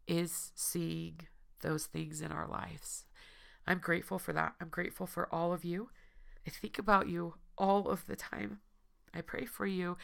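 Hoarse, gravelly woman speaking earnestly. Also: lowish voice, fairly bright tone. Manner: earnest, repeating phrases for emphasis. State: hoarse, tearful. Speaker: podcast host and recovery coach. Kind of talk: heartfelt personal address to listeners.

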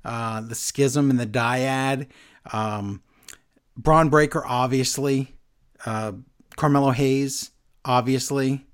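A man co-hosting a casual wrestling podcast, chatting and reading listener emails aloud. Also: medium pitch. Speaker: podcast co-host. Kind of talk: casual chat.

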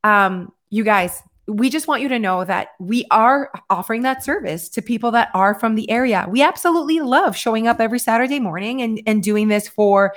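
A woman's voice: on the high side, brisk, hardly any pauses. Chatty woman hosting a livestream. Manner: chatty, many fillers and restarts. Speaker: co-host of a livestream. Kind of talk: casual livestream chat.

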